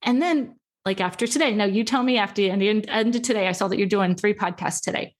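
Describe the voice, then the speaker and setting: A woman speaking as a guest on a podcast, chatting in an animated, playful way with laughs and fillers. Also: medium pitch, fast talker. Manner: animated and playful, laughs, jumps into quoted voices. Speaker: podcast guest, healthy eating advocate. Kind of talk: casual interview chat.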